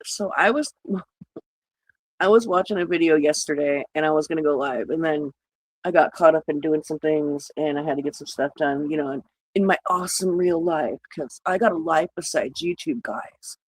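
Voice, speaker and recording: A livestreaming woman chats casually with her viewers, greeting them by name and laughing at her own sarcastic jokes. Her voice sits low at a normal speed, and the recording quality is poor.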